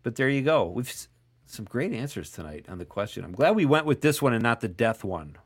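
A man's voice: mid-range voice, very animated, brisk. Chatty male radio host reading texts. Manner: chatty, jokey, self-deprecating. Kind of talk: casual radio chat, reading listener texts.

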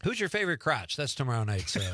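A man's voice: mid-range voice, background noise. A middle-aged man hosting a radio talk show in a studio, reading out listener texts in a casual, jokey way. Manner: lively, jokey, quick reactions. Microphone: studio microphone.

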